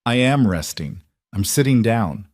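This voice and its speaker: A man's voice: on the low side, animated, measured pace, no echo, studio quality. A man voicing a driven woman executive who talks in a clipped, defensive way in a story reading.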